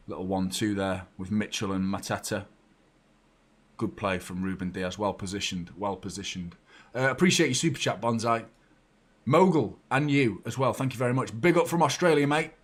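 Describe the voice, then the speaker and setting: Male watchalong host, young adult, sweary, swings from shouting to mumbling. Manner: excitable and sweary, jumping from shouts to low muttering. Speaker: football fan channel host. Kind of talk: live match watchalong commentary.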